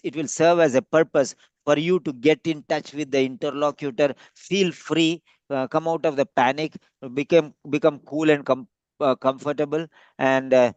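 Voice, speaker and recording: A man's voice: a little high, darkish tone, dry recording, highs cut off. Man giving patient speaking-test feedback. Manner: patient, repetitive, explanatory with frequent fillers. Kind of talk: giving feedback in a practice session.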